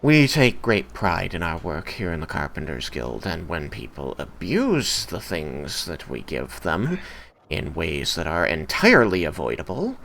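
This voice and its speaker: A man's voice: low voice, vocal fry, a bit bright, slight background noise, heavily acted. A man voicing an icy tiefling clerk woman. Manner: icy, curt and scolding. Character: stern, prideful female tiefling clerk.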